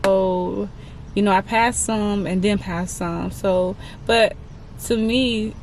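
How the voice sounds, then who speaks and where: A woman in her twenties telling a candid personal story to her viewers, chatty and halting, often calling them "y'all". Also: medium pitch, fairly even intonation, slight background noise. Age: 20s. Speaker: vlogger.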